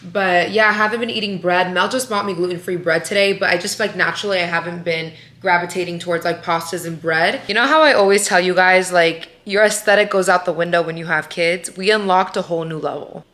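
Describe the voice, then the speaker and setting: A woman's voice: on the low side, fairly quick, few pauses, fairly bright tone. Chatty young woman vlogging at home. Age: 20s. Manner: chatty, lots of "like", talks to viewers as "guys". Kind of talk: casual vlog chat.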